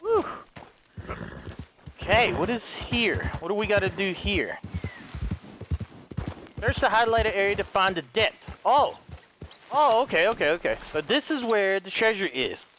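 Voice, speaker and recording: A young man giving excitable, goofy let's play commentary, swearing often. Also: sits high, normal speed, slight background noise. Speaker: gaming YouTuber.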